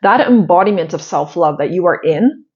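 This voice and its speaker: A woman's voice: on the low side, expressive, moderate pace, darkish tone. Woman in her 30s, spiritual host, chatty heartfelt pep talk to viewers, blunt now and then, slightly dull lo-fi sound. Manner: chatty, heartfelt, full of "like" fillers, blunt with swearing. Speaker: spiritual astrology channel host.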